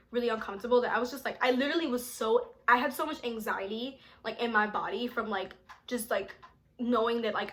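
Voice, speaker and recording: Young woman, storytime vlog, chatty, bright tone. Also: on the high side. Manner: animated, chatty, lots of filler "like". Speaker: vlogger.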